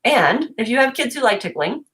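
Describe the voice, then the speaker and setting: Animated mom telling a home story. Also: female voice, moderate pace. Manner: animated, laughing, voices her kids in high pitch. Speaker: mom vlogger. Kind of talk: casual storytelling livestream.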